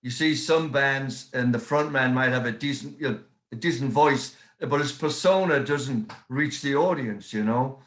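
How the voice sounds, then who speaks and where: A middle-aged man from England with a softened English accent, chatting casually as a guest on a podcast and often repeating words for emphasis. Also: medium pitch, moderate pace, few pauses. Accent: English, softened by years in the United States. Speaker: guest musician and promoter. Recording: roomy echo.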